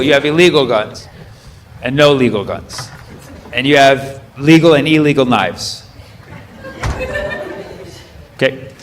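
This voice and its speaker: A man from the United States doing stand-up crowd work, questioning the audience in a quick, playful way. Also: mid-range voice. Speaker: stand-up comedian. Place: comedy club with a live audience. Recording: live stage recording with crowd noise.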